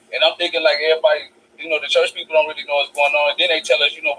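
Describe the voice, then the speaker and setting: Fast-talking, profane male storyteller. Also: fairly high pitch, slight background noise, poor audio. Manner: animated, profane, acts out both sides of dialogue; streetwise slang, many repeated "I said". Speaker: vlogger. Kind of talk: casual storytelling monologue.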